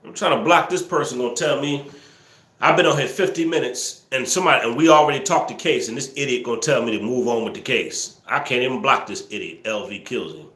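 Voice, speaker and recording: A man hosting a live stream, teasing viewers and scolding trolls in the chat, sometimes yelling excitedly. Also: mid-range voice, fairly quick, echoey room. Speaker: livestream host. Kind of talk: casual live-stream commentary, talking to the chat.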